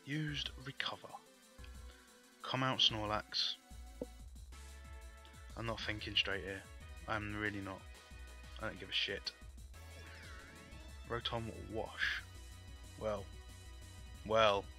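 A man's voice: on the low side, fairly even intonation, slow pace, pauses often, bright, forceful tone, faint music behind. A man giving frustrated live gameplay commentary, swearing often and breaking into angry outbursts. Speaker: gaming YouTuber.

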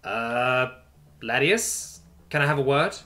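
A man voicing an easygoing young human man who talks softly and gently, coaxing a wary animal. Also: medium pitch, animated, takes it slowly. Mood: hushed, uneasy. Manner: soft, coaxing, casual. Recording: faint music underneath.

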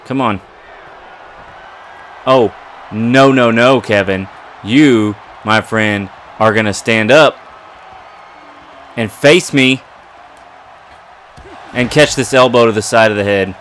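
A man commentating his own wrestling video game play, excitable and trash-talking his opponent. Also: on the low side, slow pace, long pauses, slight background noise. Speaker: gaming commentator.

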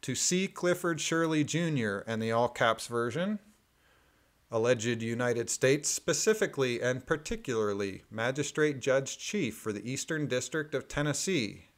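Man, mid-pitched voice, reading documents aloud, deliberate, plain asides. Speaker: commentator reading court filings.

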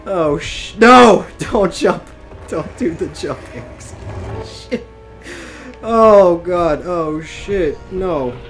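A gamer giving live gameplay commentary, excitable, swearing often and breaking into yelps and laughs. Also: mid-range voice, slow pace. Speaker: let's play gamer. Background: game music.

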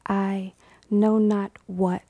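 Very slow, dry-voiced woman poet. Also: mid-range voice, level tone, dark tone, no echo, highs cut off. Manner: rhythmic, incantatory repetitions, dropping at times to a whisper; chatty and laughing between poems. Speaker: poet reading her work. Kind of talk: live poetry reading. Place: university reading event.

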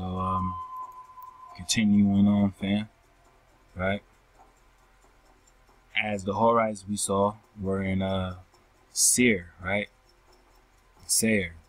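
A man with a lowish voice reads scripture verses aloud and explains them, asking "right?" after almost every phrase to check on his listeners. As a scripture teacher he is slow and repetitive and speaks to the audience as family. The recording is low quality, with a little hiss or hum.

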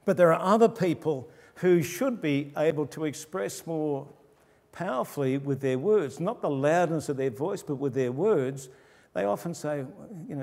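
An older man, a pastor, preaching a conversational sermon and dropping his voice low for quoted asides. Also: expressive, moderate pace, a little mellow. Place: church. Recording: long church reverb.

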